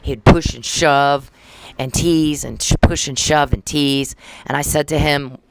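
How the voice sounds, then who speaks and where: A woman's voice: low voice, fairly even intonation, unhurried, gravelly, dry recording. A woman in her fifties from the United States, delivering an angry, profane, accusing rant straight to the camera. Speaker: vlogger. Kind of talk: angry direct-address rant.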